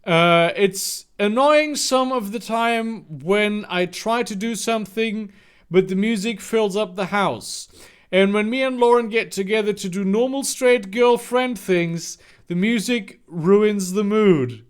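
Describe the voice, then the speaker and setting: A man's voice: high voice, slow pace, clean tone. A man reading a story aloud for comedy, breaking off for sarcastic, incredulous asides. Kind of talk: comedic dramatic reading with commentary.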